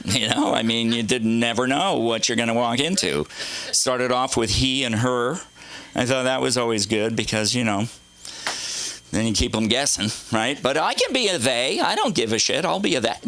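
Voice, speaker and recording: A man's voice: mid-range voice, vocal fry, pushed and bright. A middle-aged man doing a rambling, profane, self-mocking stand-up set on a comedy club stage.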